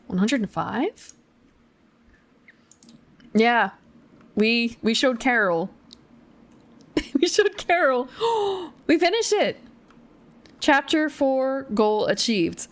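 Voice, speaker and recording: A woman's voice: medium pitch, gravelly. A young woman streamer reading a choose-your-path gamebook aloud, with chatty, giggly, self-deprecating asides.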